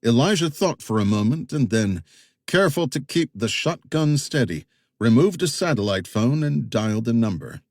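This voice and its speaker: A man narrating a thriller audiobook in a measured, suspenseful reading. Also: mid-range voice, very animated, a little mellow, no echo, studio quality.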